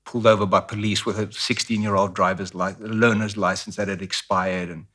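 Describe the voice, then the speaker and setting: A man's voice: on the low side, little pitch movement, a little fast, fairly bright tone. A middle-aged man with a South African accent, candidly telling stories as an interview guest. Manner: candid, storytelling, acts out voices of others. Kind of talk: casual interview talk.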